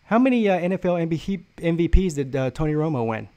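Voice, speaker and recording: A man's voice: on the high side, expressive, fast, dark tone, clean tone. A man hosting a casual sports talk stream, telling a story in a profane, mocking way.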